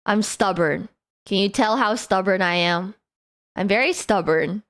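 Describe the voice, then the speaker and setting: A woman streamer in casual live-stream chat who talks in a giggly, animated way and laughs often. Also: medium pitch, measured pace.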